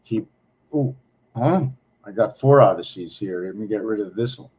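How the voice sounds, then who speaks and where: A man hosting his own channel, talking viewers through his screen slowly as he searches for things, rambling and correcting himself along the way. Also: fairly low pitch, a little mellow, dull audio, slight background noise. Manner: slow, rambling, searching aloud with many pauses and self-corrections. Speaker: channel host teaching on screen. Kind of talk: thinking-aloud screen walkthrough.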